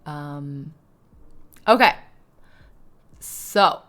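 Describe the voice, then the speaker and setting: A woman's voice: low-pitched, animated, very slow, a bit bright. A woman live streamer chatting casually and rambling, laughing often and poking fun at herself.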